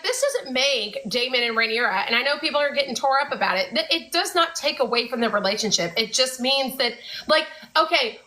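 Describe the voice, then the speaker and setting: Woman, podcast co-host, casual fan chat, fairly high pitch, very bright tone, lots of fillers. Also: rough recording.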